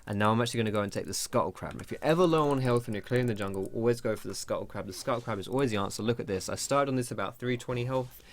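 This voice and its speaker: Speaking rapid-fire with barely a pause, this young man's mid-range voice carries loose, casual tutorial commentary on a game. He's at his computer at home, chatting, wandering off topic, and cursing when caught off guard.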